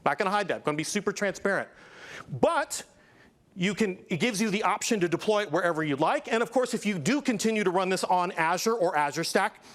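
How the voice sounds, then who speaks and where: Energetic high-voiced man presenting on stage. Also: brisk. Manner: energetic, showman-like, swings between hype and plain explanation. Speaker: conference presenter. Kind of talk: keynote-style tech presentation.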